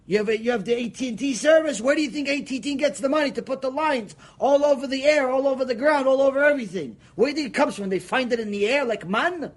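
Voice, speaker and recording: A man's voice: very high voice, fast, few pauses. A man giving a Torah ethics lecture as a rabbi, emphatic and argumentative, firing off rhetorical questions.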